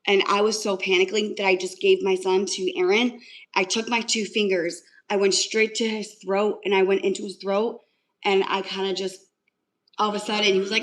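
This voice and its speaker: A woman's voice: medium pitch, steady tone, moderate pace, poor audio. A young woman talking casually on a livestream, telling a story in an emotional, rambling way with lots of fillers. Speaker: livestream host.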